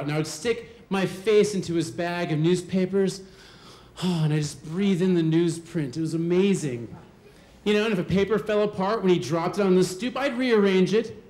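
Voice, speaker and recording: A man telling a personal story on stage, animated and acting out the voices of the people in it. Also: sits high. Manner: animated, acts out quoted voices. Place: live storytelling show venue. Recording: roomy hall sound.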